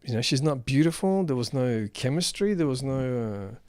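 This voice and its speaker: A man's voice: mid-range voice, animated, moderate pace, darkish tone, smooth, dry recording. A man giving an unrehearsed film review, rambling and exasperated.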